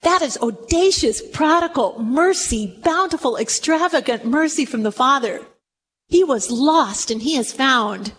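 A woman preaching a sermon to a room, retelling a story with animated delivery and acted-out quotes. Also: sits high, unhurried.

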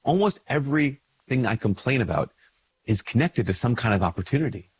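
A man, a priest, talking casually to camera while congested with a cold. He slips into quick little dialogues where his voice lifts. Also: expressive, husky. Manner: conversational, acts out little dialogues with lifted pitch. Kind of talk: casual spoken reflection to camera.

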